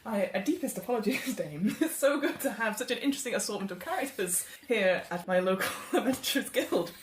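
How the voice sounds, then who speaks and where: A woman's voice: medium pitch, lively intonation, brisk, roomy sound, a little hiss or hum, natural voice. A woman game master playing a pompous, jolly male earl who hosts a club party, giggling and fussing over his guests.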